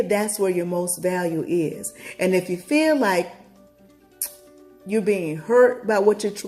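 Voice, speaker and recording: A woman vlogger talking casually to her viewers, chatty and upbeat, reflecting on a book with sudden excited leaps in her voice. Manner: chatty, talks straight to viewers, big excited pitch jumps.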